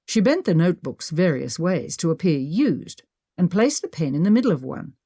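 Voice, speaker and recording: A woman narrating a mystery audiobook with expressive storytelling. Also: lowish voice, moderate pace, husky, no echo, clean studio sound. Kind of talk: scripted narration.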